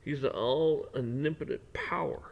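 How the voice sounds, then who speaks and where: A man's voice: a little high, normal speed, vocal fry, lo-fi sound. Rambling, preachy man ranting. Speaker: vlogger. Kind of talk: preachy rant.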